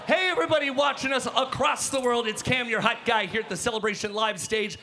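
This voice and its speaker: A man working as hype host on a convention show floor, enthusiastic and loud as he greets fans. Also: very high-pitched, a little fast, a little hiss or hum. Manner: enthusiastic, hype, shouting to crowd. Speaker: hype host, roaming reporter. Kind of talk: energetic crowd interviewing.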